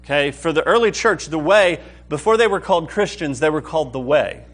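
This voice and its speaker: A man's voice: on the high side, expressive, fairly quick, soft background music. Eager man teaching a Bible class. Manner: enthusiastic, keeps checking in with the group. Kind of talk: lively Bible class lecture.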